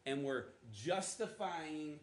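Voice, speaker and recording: A man's voice: on the high side, expressive, takes it slowly, echoey room. A man preaching a sermon to a church congregation in a conversational way, with casual asides. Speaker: pastor. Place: church auditorium.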